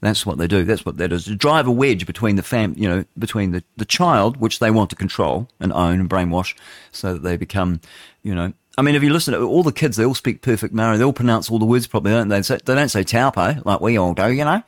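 A man's voice: fairly low pitch, expressive, quick pace, dry recording, clean studio sound. An English man hosting a morning talk radio show, rambling, jokey and opinionated as he reads the news. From England. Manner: rambling, chatty, jokey, opinionated, stumbles over words. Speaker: radio host. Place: radio studio.

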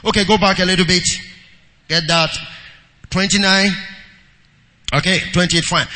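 A man preaching to his congregation in a very bright, high voice. He calls out for amens, reads scripture aloud, and moves between quiet asides and shouted lines. His voice rings with a long reverb in a church hall. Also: steady tone, moderate pace, long pauses. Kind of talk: sermon with scripture reading.

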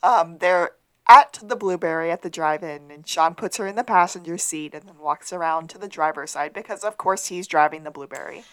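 A woman's voice: fairly low pitch, a little fast. A woman co-hosting a podcast, recapping a TV episode in casual chat and acting out the characters' lines. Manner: animated retelling, acting out quotes. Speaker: podcast co-host.

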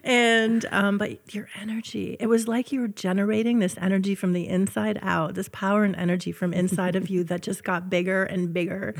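A woman's voice: medium pitch, little pitch movement, fairly quick, vocal fry, few pauses. A woman co-hosting a casual interview, enthusiastic and rambling, full of fillers. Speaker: co-host.

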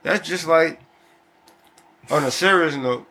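A man, hosting a podcast in profane, rambling casual chat that breaks into loud excited laughter. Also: fairly high pitch, takes it slowly. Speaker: podcast host.

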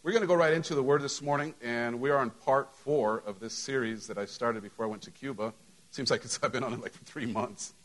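In a church sanctuary, a middle-aged pastor gives announcements and opens his sermon, talking conversationally to the congregation with plenty of "you know" fillers. His mid-range voice is a little fast, and the recording is low quality.

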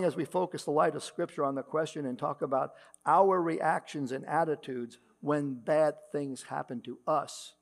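A man's voice: on the high side, gravelly. A man preaching a sermon as pastor, reading scripture aloud with rising emphasis, with a mains hum behind him. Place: church.

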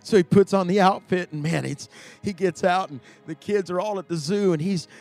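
High-voiced preacher. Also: male voice, normal speed, faint music behind. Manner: storytelling, swings from hushed to shouting; repeats words as he builds. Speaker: pastor. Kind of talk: sermon.

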